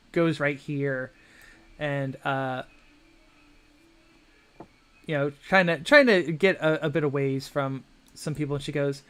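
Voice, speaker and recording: A man narrating as game master of a tabletop game, halting and filling pauses with "uh" and "kind of". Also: a little high, a bit bright, clean tone. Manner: halting, full of fillers.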